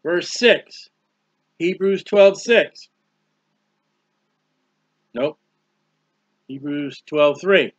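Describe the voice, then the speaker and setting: A man's voice: on the high side, very slow, pauses often. A man giving an informal Bible study sermon, earnest and rambling, reading scripture aloud. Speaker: Bible teacher. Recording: dull lo-fi recording.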